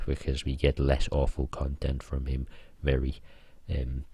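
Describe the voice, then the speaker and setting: A man giving casual tier-list commentary, rambling and deadpan with lots of hesitations. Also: very deep voice, breathy edge, no room sound. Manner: rambling, deadpan joking with many fillers. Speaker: online video creator ranking channels.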